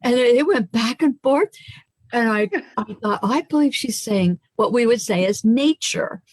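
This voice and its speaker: American woman hosting a casual chat, lively storyteller, a bit high-pitched. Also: a little slow, no echo, poor audio. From United States. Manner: animated storyteller who acts out other people's voices. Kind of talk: casual group video chat.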